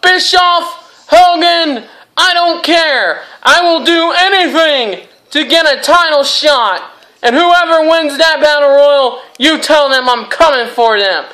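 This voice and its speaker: A woman voicing a furious male wrestler who shouts a defiant promo. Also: high voice, slow pace, full character voice. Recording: noisy with clicking sounds.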